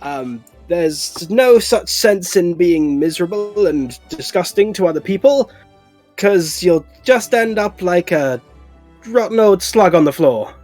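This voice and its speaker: A man voicing a pompous heroic fey champion, British-accented, declaiming slowly and grandly. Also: high voice, expressive, darkish tone, faint music behind. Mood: grand proclaiming. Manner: grandiose, slow theatrical declaiming.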